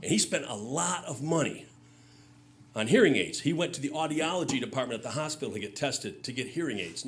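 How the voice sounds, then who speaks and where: Chatty lively-voiced male stand-up comic. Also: a little high, fairly quick. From Michigan. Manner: storytelling, loose and chatty with fillers. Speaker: stand-up comedian. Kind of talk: stand-up set with audience laughs.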